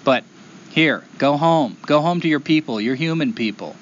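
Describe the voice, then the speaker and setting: A man voicing an eagle in a told story, speaking quietly and solemnly with compassion. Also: a little high, animated, normal speed, muffled recording, a little hiss or hum, lightly acted. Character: old male eagle, grave and compassionate.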